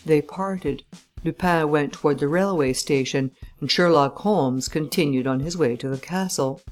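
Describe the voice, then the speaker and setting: A woman reading a classic story aloud as an audiobook narrator, in a measured, even way. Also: low-pitched. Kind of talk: scripted narration.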